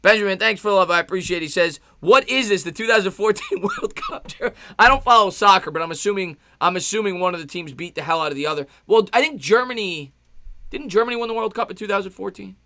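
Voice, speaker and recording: Loud, passionate New man. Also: high-pitched. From New York. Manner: loud, passionate, fast-talking. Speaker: livestream sports host. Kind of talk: live play-by-play and chat reaction.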